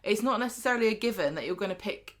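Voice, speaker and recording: A woman co-hosting a casual podcast, quick and questioning as she argues her points. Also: medium pitch, expressive. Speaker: podcast co-host. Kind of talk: casual chat about a TV soap.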